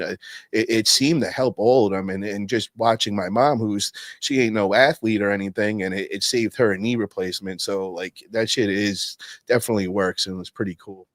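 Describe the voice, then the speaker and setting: A man's voice: lowish voice, no echo. A man hosting a podcast, telling stories in a loose, slangy way with lots of swearing. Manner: loose, profane storytelling with slang. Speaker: podcast host. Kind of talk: casual podcast chat.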